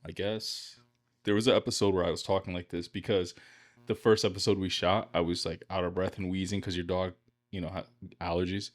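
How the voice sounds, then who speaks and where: A man co-hosting a podcast, chatting casually in a flat, low-key, monotone way. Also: brisk. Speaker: podcast co-host. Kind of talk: casual chat.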